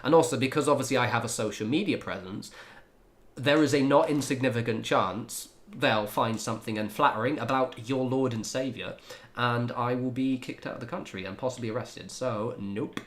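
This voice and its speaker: A laid-back man talks to his viewers while he plays a game on stream. He keeps it casual, laughs a lot and swears freely, at a mid pitch. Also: moderate pace. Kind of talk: casual livestream chat while gaming.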